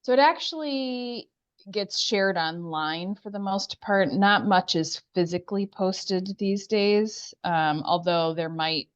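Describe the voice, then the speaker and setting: On a video call during a remote town meeting, a woman with a medium-pitched, smooth voice speaks slowly. She explains things at length with many fillers, and the video-call audio sounds muffled.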